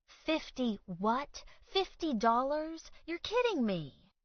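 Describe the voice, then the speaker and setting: A woman's voice: fairly high pitch, animated, a little slow, no echo, muffled recording, pitched above the performer's own voice. A woman narrator voicing a young woman who is polite but irritated and sarcastic. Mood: exasperated. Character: exasperated young woman in soaked dress.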